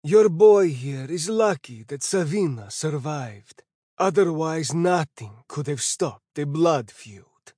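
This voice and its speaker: A man voicing a sly elderly hooded envoy in an audiobook, with a higher, drawn-out scheming voice. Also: animated, mellow, dry recording, clean studio sound. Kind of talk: audiobook character voice.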